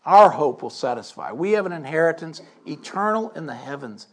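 Older man preacher, slightly high voice, emphatic sermon delivery with scripture reading. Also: very animated, brisk. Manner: emphatic, reads scripture aloud with asides and questions.

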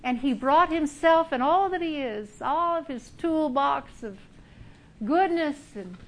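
Middle aged woman preaching, high voice, emphatic, tells her own stories. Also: expressive, a little slow. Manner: emphatic, personal storytelling. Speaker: speaker. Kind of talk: sermon.

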